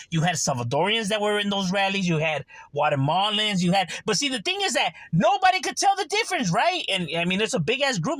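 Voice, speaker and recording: A man's voice: high-pitched, a bit bright, no room sound. A man talking casually to his channel, full of slang and "you know" fillers. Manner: streetwise slang, frequent "you know" and "right". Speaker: channel host. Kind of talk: casual monologue to camera.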